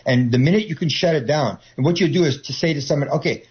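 A man's voice: a little high, quick pace, hardly any pauses, highs cut off. A man talking casually as an interview guest, rambling with many restarts and acting out the voices he quotes.

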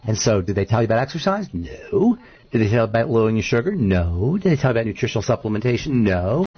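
Guy hosting a talk show, husky voice that swings up and down a lot, kinda muffled. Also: lowish voice, fast. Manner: animated storytelling, argumentative. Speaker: show host. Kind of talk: casual radio talk.

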